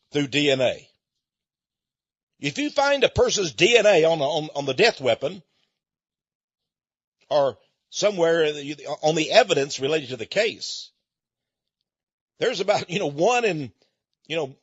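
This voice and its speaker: A man's voice: high-pitched, breathy edge, no room sound. A man giving an emphatic, preaching-style monologue, stretching out key words, repeating himself and chuckling now and then. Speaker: speaker addressing listeners. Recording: dull lo-fi recording.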